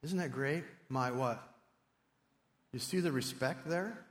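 A male preacher delivering an animated sermon, swinging from loud to hushed, in a church sanctuary. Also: on the high side, takes it slowly. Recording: long reverb in a large hall.

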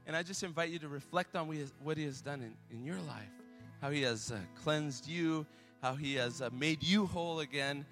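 A man's voice: on the high side, normal speed, a bit bright. A man leading worship in a church, speaking earnestly with frequent fillers and restarts before the songs. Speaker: worship leader. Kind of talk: sermon. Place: church sanctuary. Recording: long reverb of a church hall, faint music.

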